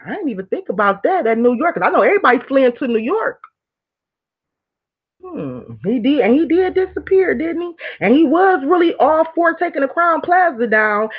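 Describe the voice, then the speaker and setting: Candid woman chatting on a lo-fi stream. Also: mid-range voice. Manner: candid, animated, rambling with frequent laughs. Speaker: livestream host. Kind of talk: casual live chat reading viewer comments. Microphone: streaming mic. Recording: dull lo-fi stream audio.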